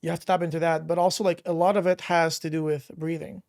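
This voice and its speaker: A podcast host talking casually about their own habits. They ramble, restart, and lean on fillers while working toward a point. The voice sits at a middling pitch. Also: little pitch movement, fast, darkish tone. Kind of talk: casual interview chat.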